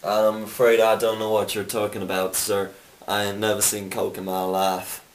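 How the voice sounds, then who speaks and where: A man's voice: lowish voice, level tone, normal speed, lightly acted. A man putting on a drawling Southern bartender. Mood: folksy. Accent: put-on American Southern drawl. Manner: drawling, courtly, calls people sir and son. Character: folksy old-timey male Southern bartender. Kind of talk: amateur comedy sketch acting. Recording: roomy, distant camera mic, faint noise.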